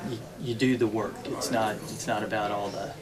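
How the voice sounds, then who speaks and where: Brief: male interview host, halting phrasing, clear chatter of a crowd behind him. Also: lowish voice, fairly even intonation, poor audio. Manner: halting, many fillers and restarts. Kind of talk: interview conversation.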